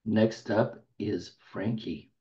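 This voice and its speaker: A man's voice: on the low side, steady tone, mellow. Older man, open mic host, casual talk, dull lo-fi recording. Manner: unhurried, gravelly, clears throat. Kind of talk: casual hosting chat. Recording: dull lo-fi audio.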